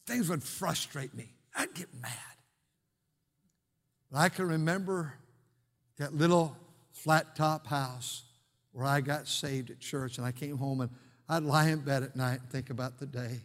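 An older man, a pastor preaching a sermon in his church, swinging between shouted preaching and quiet, hushed storytelling. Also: on the high side, a little slow, long pauses. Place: church sanctuary. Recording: long reverb of a church hall.

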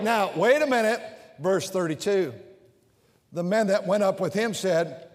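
With an unhurried delivery and a voice that sits high, this man preaches forcefully as a Baptist preacher, drawing call-and-response from his congregation. The setting is a big church with a balcony and bleachers, and the sound carries a long reverb tail.

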